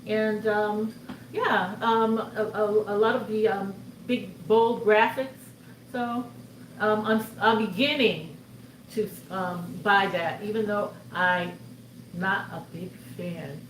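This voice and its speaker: A woman guest on a live sale stream, speaking hesitantly with many pauses. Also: mid-range voice, fairly even intonation, a little hiss or hum. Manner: hesitant, many fillers and restarts. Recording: roomy, faint ambience.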